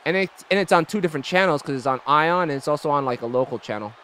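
A young man giving casual, excitable and profane commentary over his own gameplay. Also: on the high side, fast talker, slight background noise. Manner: excitable, profane, reacts loudly. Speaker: gaming YouTuber.

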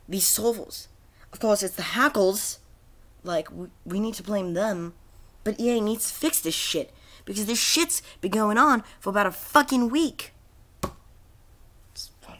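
High-pitched, pushed and bright, a man who makes gaming videos rants furiously about a game. The rambling tirade is packed with swearing, filler words and false starts.

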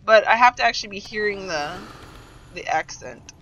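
A woman's voice: medium pitch, expressive, normal speed, a bit bright, low-quality recording. A woman streaming a game in rambling, giggly casual chat, swearing freely as she goes. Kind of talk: casual chat while playing.

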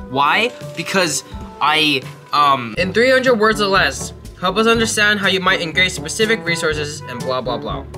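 A young man from Texas giving casual advice to applicants, animated and self-mocking, dropping quick mumbled asides to himself. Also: a little high. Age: young adult. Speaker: college student giving essay advice.

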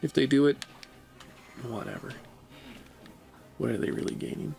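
A man's voice: medium pitch, wildly swooping pitch, normal speed, creaky, warm tone, soft background music. A man streaming a game and chatting casually, laid-back and joking at his own expense. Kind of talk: casual gaming livestream chat.

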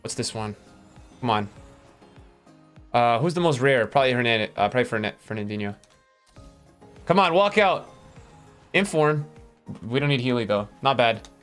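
A male streamer giving live-stream commentary to his chat, excitable and swinging between hype and letdown with plenty of fillers. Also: medium pitch, moderate pace, long pauses, soft background music. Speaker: streamer opening game packs.

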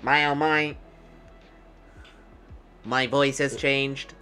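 A man's voice: medium pitch, fairly even intonation, extremely slow, sharp tone, clean tone, soft background music. A man voicing a chatty male battle droid in a tabletop game, talking in stiff, formal phrases and rambling on.

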